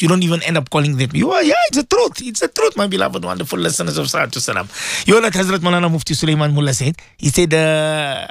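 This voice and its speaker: A man's voice: fairly high pitch, animated, quick pace, vocal fry, few pauses, dry recording, studio quality. A man presenting a morning religious radio talk, fervently pleading with listeners and repeating his points. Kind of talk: emotional Islamic radio talk.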